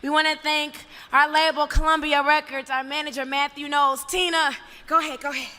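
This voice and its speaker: Bright high woman's voice in a hall. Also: level tone, brisk. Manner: gushing, thankful, prayerful. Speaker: award recipient. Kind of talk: acceptance speech. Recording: reverberant hall with music.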